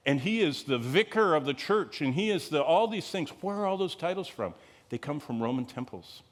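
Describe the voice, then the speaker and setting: In a conversational lecture to a live audience, a man teaches the Bible with lively intonation at a moderate pace. He often drifts into digressions, asks rhetorical questions, and pushes key words up in pitch for emphasis.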